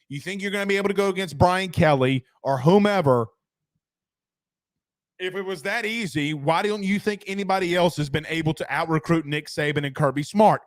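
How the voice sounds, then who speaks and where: A man's voice: high-pitched, dry recording, clean studio sound. A man hosting a casual sports podcast, ranting with rhetorical questions and reacting to the live chat. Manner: animated, rhetorical questions, reads chat aloud. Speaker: sports talk show host.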